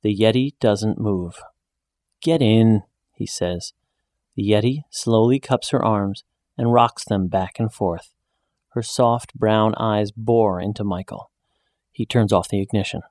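A man reading a short story aloud in a measured, even storytelling voice, raising his pitch when he speaks the woman's lines. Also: dry recording, studio quality. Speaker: narrator. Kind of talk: scripted story narration.

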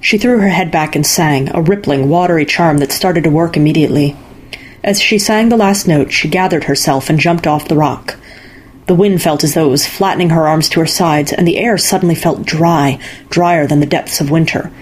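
A woman reading a fairy-tale story aloud in calm, measured narration. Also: low voice, slightly rough. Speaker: story reader. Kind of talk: scripted narration.

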